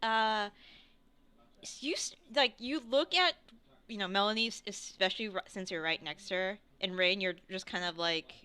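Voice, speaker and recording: A woman running a tabletop game as game master, chatty and quick to laugh. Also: mid-range voice, pushed and bright, smooth. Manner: chatty, laughs often, frequent restarts.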